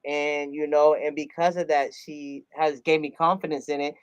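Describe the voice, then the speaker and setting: A man, a rap artist, telling a personal story in an earnest, animated way, often laughing and acting out quotes. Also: fairly high pitch, normal speed, smooth, no room sound. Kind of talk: casual interview storytelling.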